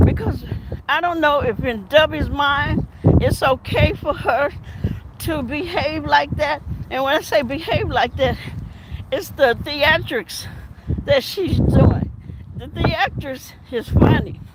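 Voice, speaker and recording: A woman and former detective giving casual commentary on an outdoor walk, her mouth numb from dental work, talking in a drawl with laughing asides. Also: sits high. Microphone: phone. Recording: loud outdoor background noise.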